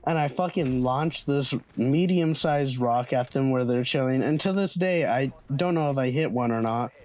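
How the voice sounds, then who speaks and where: A man's voice: medium pitch, moderate pace, darkish tone, highs cut off. Casual slangy young man telling a story. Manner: casual, swearing freely, slangy. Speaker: vlogger. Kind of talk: storytime vlog.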